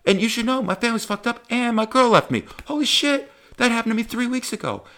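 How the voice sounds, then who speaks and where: Man playing a shrill, eager male comic who matches every story. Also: sing-song, quick pace, sharp tone, full character voice. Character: eager high-voiced fellow male comic.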